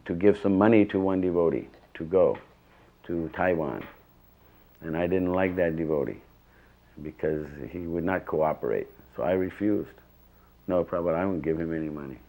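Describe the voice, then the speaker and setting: Older man, deep low voice, earnest, rambling, emphatic, interview reminiscence. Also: warm tone. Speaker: devotee recalling his teacher.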